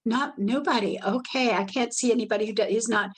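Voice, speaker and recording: A woman with a somewhat high voice leads a live online workshop. She talks gently and soothingly, drifting into soft guided imagery as she teaches, and speaks from an indoor video call. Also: fairly quick, husky, low-quality recording. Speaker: workshop presenter.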